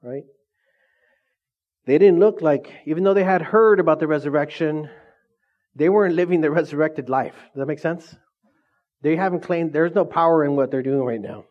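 Man, pastor, sermon, call-and-response questions, fairly high voice, dull lo-fi sound. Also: normal speed, pauses often.

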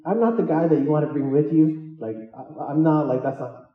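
A man's voice: a little high, a little fast, echoey room, recorded from a distance, phone-quality sound. A man preaching a sermon as a pastor, who jokes and acts out the disciples' lines as he tells the story. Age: adult with children. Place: church hall.

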